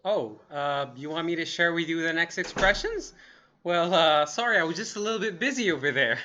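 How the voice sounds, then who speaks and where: A man teaching an online English lesson in an energetic, upbeat way, saying example phrases slowly. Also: fairly high pitch, muffled recording.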